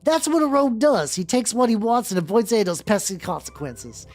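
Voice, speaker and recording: Lively, excitable game streamer. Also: mid-range voice, a little fast. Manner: excitable, swearing, reacting aloud. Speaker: streamer playing a video game. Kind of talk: casual gameplay commentary, reading game text aloud. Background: faint background music.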